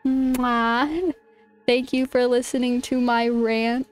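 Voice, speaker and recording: A woman's voice: fairly high pitch, takes it slowly, soft background music. A young woman streaming a game, chatting casually, reading game text aloud and exclaiming often. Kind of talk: casual gameplay commentary.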